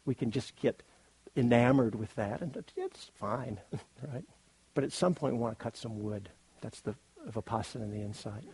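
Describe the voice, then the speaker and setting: A man's voice: medium pitch, warm tone, husky, no room sound, low-quality recording. A man teaching at a meditation retreat, giving a thoughtful dharma talk and rephrasing his ideas as he goes.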